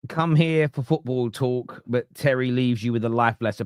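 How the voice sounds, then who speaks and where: A man's voice: medium pitch, normal speed, clean tone, dry recording, clean studio sound. A man hosting a football fan podcast, chatting casually and sarcastically while reading out viewer comments. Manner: sarcastic, joking, rambling.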